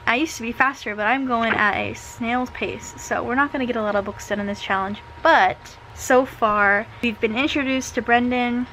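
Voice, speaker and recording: A woman's voice: fairly high pitch, moderate pace, few pauses, background noise. A young woman vlogging casually from bed at home, chatting with lots of filler words like "like" and "um". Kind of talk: casual chat to camera.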